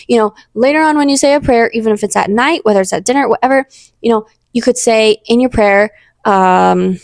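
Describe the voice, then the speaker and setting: A woman's voice: a little high, brisk, dry recording, studio quality. A young woman hosting a casual faith talk, earnest and rambling, with many fillers and restarts. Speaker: podcast host.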